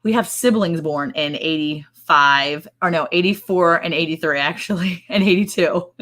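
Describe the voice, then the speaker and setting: Giggly woman in her forties, lowish voice. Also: unhurried, fairly bright tone. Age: 40s. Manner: giggly, chatty, greets viewers by name. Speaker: ranch livestream co-host. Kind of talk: casual live-stream chat.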